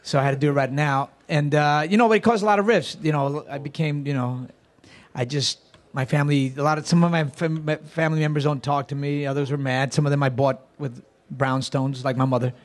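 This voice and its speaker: A man's voice: on the high side, fairly even intonation, brisk. A man, a guest in an interview, telling stories in a rambling, self-mocking way with many restarts. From Queens, New York. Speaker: guest, comedic performer. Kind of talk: casual interview talk.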